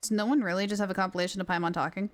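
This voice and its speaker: With a mid-range voice, a steady tone, and rapid-fire delivery, a young woman chats self-mockingly and casually with her viewers while streaming a game.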